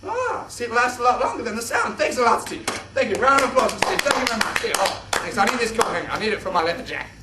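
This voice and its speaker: Young man, very high voice, bouncy kids'-show host manner, echoey room, distant mic. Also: big pitch swings, fast talker, hardly any pauses, very noisy. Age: young adult. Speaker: science presenter. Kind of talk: kids' science show presentation.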